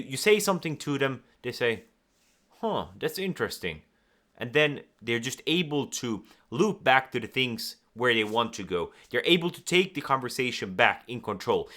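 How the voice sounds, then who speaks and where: With a medium-pitched voice, a male communication coach looks into the camera and gives lively advice, demonstrating how nervous and calm speakers sound.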